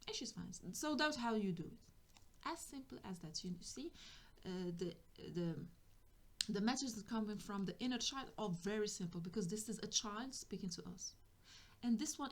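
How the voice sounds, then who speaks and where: A woman's voice: medium pitch, animated, a little fast. A woman giving a tarot reading for spiritual guidance, speaking hesitantly and often restarting as she searches for words. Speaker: tarot reader.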